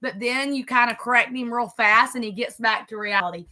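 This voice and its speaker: A woman's voice: on the high side, brisk, bright, forceful tone. A middle-aged woman, chatting casually and rambling as she decorates a planner for her vlog. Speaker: vlogger.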